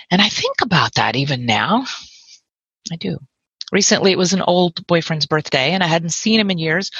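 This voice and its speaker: A woman's voice: on the low side, sharp tone, husky, no echo, dull audio. A woman telling a personal story in a reflective, wry way, lingering over lyrical lists of things she loves.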